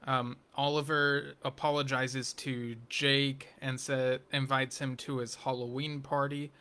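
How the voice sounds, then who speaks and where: A man reviewing a TV episode in a slow, unhurried, rambling way, with a bright, forward tone that stays fairly level in pitch. He keeps circling back with ums and restarts and slips in wry, geeky asides. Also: little pitch movement, clean tone. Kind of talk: casual spoken TV episode review.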